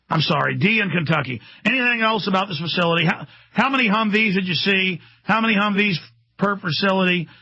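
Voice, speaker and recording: Raspy shouting talk radio host, man. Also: high-pitched, fairly quick, dry recording. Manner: furious ranting, building to shouts; stammering when overwhelmed. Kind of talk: angry talk radio rant. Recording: dull lo-fi radio broadcast.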